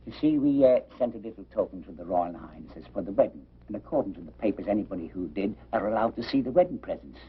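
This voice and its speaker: An actor playing a quarrelsome older male pub owner with a raspy, gravelly voice. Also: fairly low pitch, animated, quick pace, hardly any pauses. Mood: grumbling. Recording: dull old film soundtrack.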